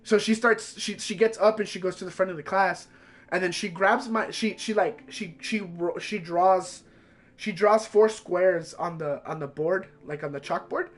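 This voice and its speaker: A man's voice: sits high, normal speed. A man streaming from home, telling a profane, heated story in a casual way.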